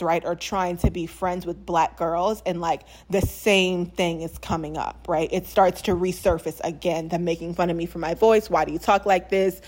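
A young woman from New Orleans with no local accent, chatting casually to camera in a life update, animated, with lots of fillers and frequent laughs. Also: fairly low pitch. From New Orleans, USA. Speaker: vlogger.

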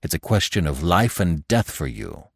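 Wise old storybook stag, read by a man: low, grave, gently commanding, dry close sound. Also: very animated, moderate pace, no echo, exaggerated voice. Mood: hushed commanding. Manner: gentle, stern commanding murmur.

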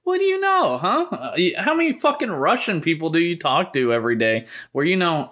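A young man co-hosting a podcast in casual chat, animated and argumentative, swearing freely. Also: high-pitched, moderate pace. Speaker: podcast co-host.

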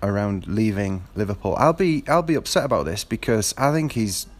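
Casting note: man, fairly low voice, casual rambling monologue, lots of ums and restarts. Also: animated, moderate pace. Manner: rambling, with frequent fillers and restarts. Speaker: football fan.

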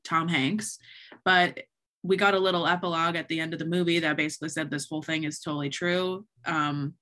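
A woman's voice: sits low, fairly even intonation, fairly quick, bright, forceful tone. A woman co-hosting a podcast, chatting casually with many fillers and frequent laughter. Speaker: podcast co-host. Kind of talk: casual chat.

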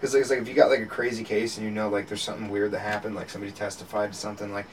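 A man's voice: on the low side, flat delivery, very fast. A man in casual podcast chat, rambling with many restarts and frequent laughter. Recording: distant mic with faint background noise.

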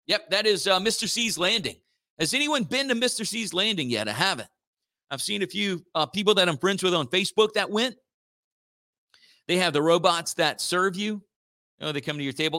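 A man's voice: high-pitched, sing-song, fairly quick, pushed and bright. A man hosting a morning radio show, chatting in a rambling, joking way and slipping into playful robot voices. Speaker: radio host.

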